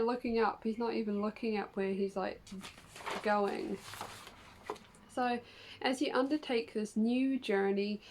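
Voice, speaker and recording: A woman with a somewhat high voice does a relaxed tarot reading for her viewers. She talks in a chatty, upbeat way, peppering her explanations with fillers as she walks through each card. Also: low-quality recording. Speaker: tarot reader. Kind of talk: casual tarot reading to camera.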